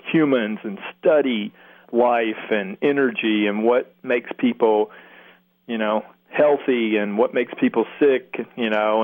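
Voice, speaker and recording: A man from Kentucky with a Southern accent, talking reflectively in an interview, with many restarts. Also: lowish voice. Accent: Southern American. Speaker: guest healer. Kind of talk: interview answers. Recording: phone-line radio sound.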